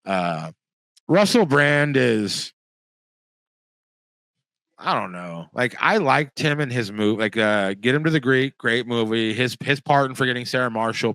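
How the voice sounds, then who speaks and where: A man's voice: medium pitch, fairly bright tone, no room sound. A man from the United States hosting his own show, rambling bluntly through casual commentary with crude jokes and frequent restarts. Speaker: podcast host.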